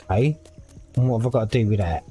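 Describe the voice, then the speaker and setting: A man's voice: on the low side, expressive, fast talker, mellow, faint music behind. A man casually commenting on a game as he plays, thinking aloud and reading the on-screen text. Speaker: gaming video creator. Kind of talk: casual let's-play commentary.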